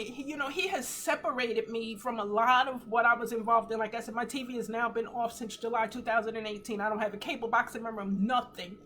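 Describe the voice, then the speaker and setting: A woman's voice: fairly quick, hardly any pauses, a little hiss or hum. Earnest woman in her fifties, tearful. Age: 50s. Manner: earnest and emotional, tearful at times, animated swings in pitch. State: teary. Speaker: host of a faith livestream. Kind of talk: casual live talk, testimony.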